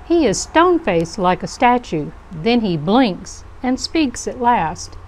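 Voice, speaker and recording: A woman reading a children's picture book aloud for a youth club, gentle and expressive. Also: fairly high pitch, slow, a little hiss or hum. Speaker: storybook reader for a youth club.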